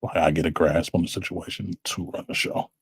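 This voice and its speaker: A man talking in a casual, thoughtful way on a podcast, pausing and restarting as he works through his thoughts. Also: low voice, fairly even intonation, slightly rough, no echo. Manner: thoughtful, halting. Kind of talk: casual reflective talk.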